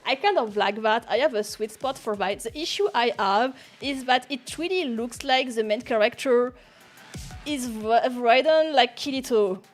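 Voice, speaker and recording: A woman's voice: a little high, normal speed, soft background music. A young woman streamer, not a native English speaker, chatting casually with lots of giggles and restarts. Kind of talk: casual chat.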